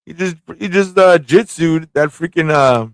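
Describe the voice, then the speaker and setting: A man hosting a live comic review stream, excitable, laughing and slangy as he reacts. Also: fairly high pitch, normal speed, clean tone, no echo, clean studio sound. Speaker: host.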